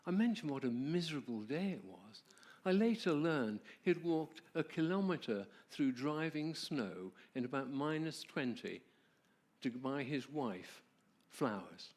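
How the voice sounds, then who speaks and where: A man presenting at a church, telling a personal story in a warm, conversational way and asking the audience questions. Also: mid-range voice, big pitch swings, measured pace. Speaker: marriage ministry presenter.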